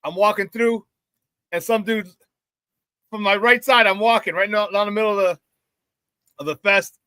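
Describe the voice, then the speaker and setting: A man hosting a live sports talk show, hyped and loud, with casual slangy banter as he reads out chat shout-outs. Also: sits high, normal speed, smooth, dry recording.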